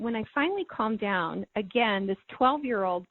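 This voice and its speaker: A woman's voice: mid-range voice, normal speed, no echo. A middle-aged woman, a podcast guest, earnestly telling a personal story and repeating words when moved. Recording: thin phone-like line, dry.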